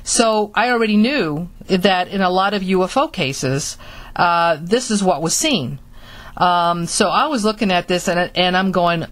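A woman from Florida telling a personal story in a halting manner, with many restarts. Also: lowish voice. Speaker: speaker recounting her experiences.

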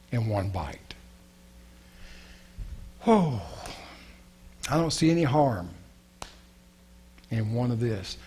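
A man's voice: medium pitch, a little mellow, a little hiss or hum. A man doing a woman talking herself into it. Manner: self-justifying, hesitant.

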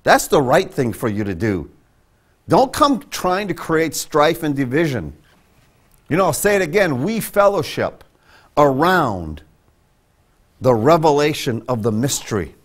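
Male pastor, lively and emphatic sermon delivery, slightly high voice. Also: measured pace, long pauses. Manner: emphatic, conversational preaching with sudden pitch jumps. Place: church sanctuary.

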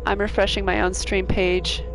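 A woman's voice: mid-range voice, flat delivery, moderate pace, music in the background, rough recording. A woman hosting a live game stream, chatting casually with viewers and laughing often.

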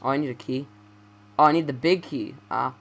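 A man's voice: medium pitch, fairly quick, creaky, fairly bright tone, faint music behind. A young man giving casual let's play commentary, rambling and stammering as he corrects himself.

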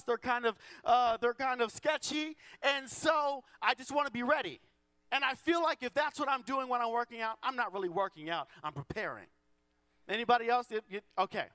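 A man's voice: very high-pitched, bright, forceful tone, smooth, dry recording. A man preaching a sermon, a joking, self-deprecating pastor who acts out the voices in his stories. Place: church auditorium.

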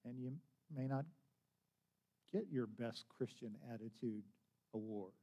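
A man's voice: mid-range voice, a little slow, dark tone. A man preaching a sermon as pastor, telling a story conversationally, with frequent restarts and acted-out quotes.

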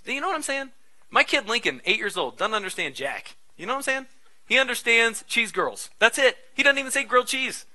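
A man in his thirties, a pastor preaching a sermon in a conversational, animated way with frequent asides. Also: very high-pitched, brisk, poor audio.

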